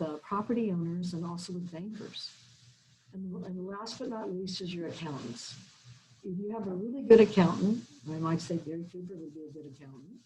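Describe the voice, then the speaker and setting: A middle-aged woman, a business owner, telling her life story in a chatty way, often restarting, with loudness rising and falling. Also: mid-range voice, low-quality recording.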